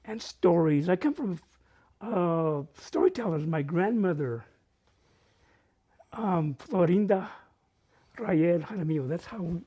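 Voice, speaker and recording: A man's voice: high-pitched, expressive, slow pace, long pauses, warm tone, slightly rough. An older man telling self-mocking childhood stories at a library open mic, laughing as he goes. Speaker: storyteller. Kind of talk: open-mic personal storytelling. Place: library event room.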